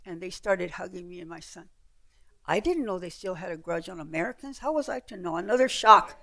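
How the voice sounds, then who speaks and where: A woman's voice: fairly low pitch, a little fast. An older woman giving an author's talk, telling travel stories with slides and acting out the people she met. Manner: lively storyteller, acts out voices. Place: heritage center event room with audience.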